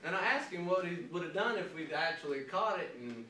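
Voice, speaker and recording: A man's voice: high-pitched, a little fast. A man being interviewed, telling a comic anecdote in a casual way and laughing through it. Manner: animated, laughing anecdote teller. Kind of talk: casual storytelling. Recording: echoey room, mic at a distance, faint noise.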